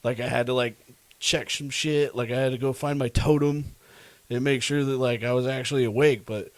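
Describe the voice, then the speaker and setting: A man co-hosting a podcast in casual chat, recounting a story with animated delivery, frequent laughs and fillers. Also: mid-range voice, moderate pace, dry recording. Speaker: podcast co-host.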